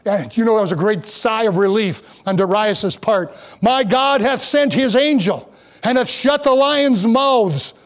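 A man's voice: high-pitched, measured pace. A man preaching a sermon in a conversational way, reading scripture aloud and breaking off for joking asides. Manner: reads scripture aloud in King James wording. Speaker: pastor.

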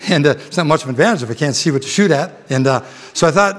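A man's voice: a little high, lively intonation, fast. A middle-aged man preaching a folksy sermon, rambling through a ranch story with chuckles and talking straight to his congregation.

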